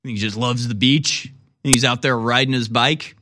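A man's voice: medium pitch, fairly even intonation, moderate pace, pushed and bright, slight background noise. Sarcastic, rambling male commentary host.

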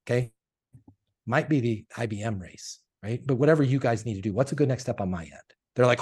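Guy being interviewed, tells stories fast and lively, does the voices of people in them. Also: mid-range voice, husky. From Colorado, USA. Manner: animated storyteller acting out quoted dialogue. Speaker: sales coach guest. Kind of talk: casual storytelling interview.

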